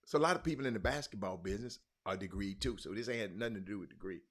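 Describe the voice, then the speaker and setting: A middle-aged man hosting a sports talk show, chatting loudly and calling out viewers by name in casual Southern vernacular. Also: on the low side, very fast. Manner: loud, excitable, calls out viewers by name; Southern vernacular, y'all and ain't. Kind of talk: casual livestream chat reading comments.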